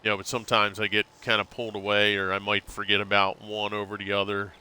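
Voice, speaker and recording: A man's voice: fairly low pitch, completely flat delivery, fast, bright, forceful tone, clean tone. A man streaming live, chatting casually and rambling, calling his viewers bro. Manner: laid-back, rambling, calls viewers bro.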